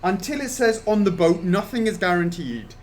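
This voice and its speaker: A man's voice: high voice, sing-song, moderate pace, a little mellow, slight background noise. An English man co-hosting a casual livestream Q&A, reading out viewer questions in a chatty, jokey way. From England. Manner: chatty, jokey, laughs often. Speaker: co-host of a company Q&A stream.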